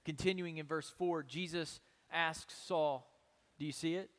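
A man preaches a sermon as pastor, his voice pitched notably high for a man. He drives his points with rhetorical questions and moves between hushed and forceful delivery. The sound carries a long reverb from a large hall. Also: steady tone, unhurried. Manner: emphatic preaching, many rhetorical questions, shifts between soft and loud.

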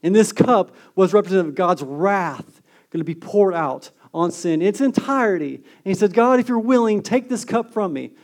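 High-voiced man preaching a sermon. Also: animated, normal speed. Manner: earnest preaching, swings from emphatic to hushed. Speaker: pastor.

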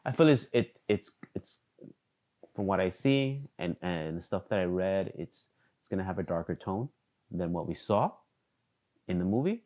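Low-pitched male podcast co-host, halting and hesitant, sentences fading out. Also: animated. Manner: hesitant, many restarts and fillers, trailing off quietly. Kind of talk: casual chat.

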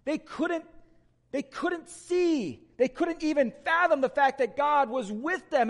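A man preaching a sermon to a congregation, asking rhetorical questions and swinging between loud emphatic lines and quiet ones. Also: extremely high pitch, unhurried. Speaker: pastor.

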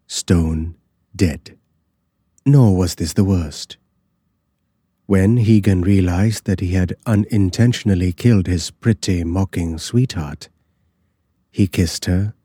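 Deep husky guy reading an old horror story, slow and dark, dry sound. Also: dry recording. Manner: slow, measured and dramatic. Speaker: narrator.

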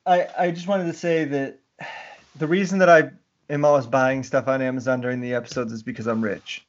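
A man's voice: medium pitch, steady tone, fairly quick. A man co-hosting a podcast, telling a funny family story in casual chat and acting out the quotes. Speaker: podcast co-host. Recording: dull lo-fi audio with faint noise.

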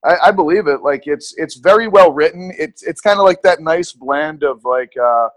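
A young man speaks as a guest in a relaxed, casual way, leaning on "like" and "you know" between thoughts. His voice is a touch high. The sound is dry and close. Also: moderate pace, no room sound. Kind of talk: casual interview chat.

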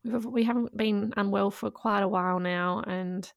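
A woman's voice: mid-range voice, fairly even intonation, moderate pace, creaky, dry recording, clean studio sound. A woman, co-hosting a podcast and chatting casually about family life, laughing often and saying "like" a lot. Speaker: podcast co-host, parent. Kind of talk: casual chat.

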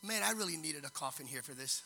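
A man preaching a sermon, dramatic, moving from hushed storytelling to loud, sung-out exhortation. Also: fairly high pitch, animated, quick pace, vocal fry, background noise.

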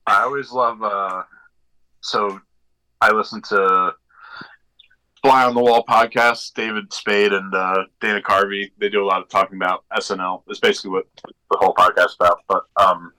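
Bright-voiced rambling podcast co-host man. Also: fairly low pitch, fairly even intonation, moderate pace, poor audio. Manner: rambling, digressive, many fillers. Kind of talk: casual chat.

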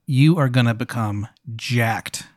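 A man's voice: medium pitch, slow, darkish tone, dry recording, studio quality, lightly acted. A man voicing a small-time male wizard with a thick Maryland accent and pushy salesman patter.

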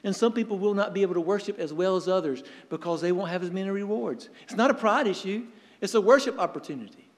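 A man preaching with a high, ringing voice that carries through a hall with a long reverb tail. He speaks earnestly, tells stories to make his point, and lets dramatic pauses hang. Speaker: pastor. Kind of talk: sermon.

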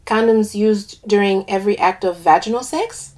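A woman's voice: mid-range voice, moderate pace, darkish tone, natural voice. A woman voicing a shrewd older female nurse with a lilting West Indian accent, asking clipped clinical questions in a story reading. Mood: brisk clinical. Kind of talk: audio drama reading.

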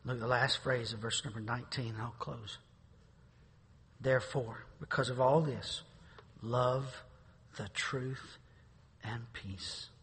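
A middle-aged man preaches a sermon. His voice is bright and somewhat husky, and it rises into sudden shouted peaks. A long church reverb trails after each phrase. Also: mid-range voice, fairly even intonation, slow pace. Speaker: pastor. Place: church sanctuary.

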